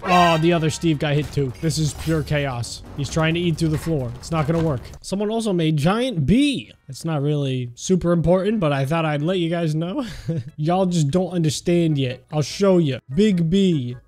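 A young man giving jokey, excited commentary on a sandbox game, crying out at the action. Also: a little high, normal speed. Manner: animated, jokey, cries out at on-screen action. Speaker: gaming YouTuber.

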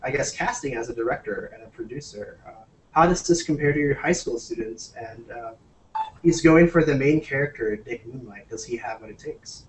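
Man, host, video call, eager questions, halting uhs. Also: mid-range voice, distant mic, slight background noise, low-quality recording. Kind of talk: casual video call interview.

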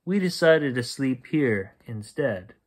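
An eager, excitable little boy frog from a storybook, pleading in a lively, bouncing voice, as a man reads him aloud. He talks unhurried, with a sing-song lilt. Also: mid-range voice.

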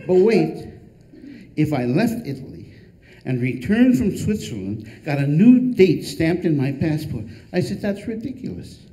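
An older man reads his own humorous memoir with a dry, wry touch, landing each punchline deadpan. His voice sits a little high for a man yet sounds mellow and warm, never sharp. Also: measured pace, low-quality recording. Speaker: author.

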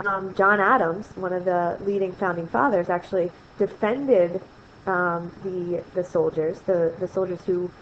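A woman's voice: lowish voice, steady tone, unhurried. A woman teaching a history lesson in a recorded screen lecture, chatty and often asking "right?". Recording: slightly dull, faint noise.

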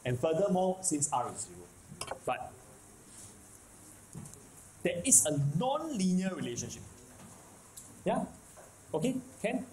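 Speaking slowly with frequent pauses, a Singaporean-accented math teacher lectures in a voice that sits high, swings widely in pitch and has a darkish tone. He repeats himself and keeps asking "okay? can?" to check on the class. The low-quality recording carries a little hiss or hum.

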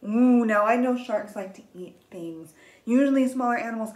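A woman reading a picture book aloud to young children as their teacher, gentle and patient, counting along and gasping with wonder. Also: fairly high pitch, moderate pace, a little hiss or hum, poor audio. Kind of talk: slow read-aloud lesson for young children.

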